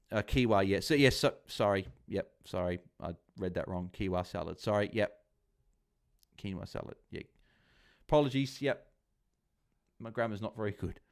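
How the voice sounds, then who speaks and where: A man hosting a live fantasy football watchalong stream, chatting casually, reading viewer comments aloud and cheering on players. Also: lowish voice.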